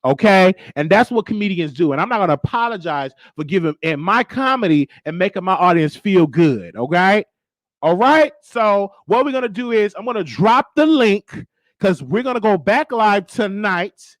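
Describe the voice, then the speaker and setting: His voice is high and animated, at a normal speed, in a recording with no room sound. As a host and comedian on a live stream, he chats sassily, addressing viewers as "baby" and checking in with "okay?" often.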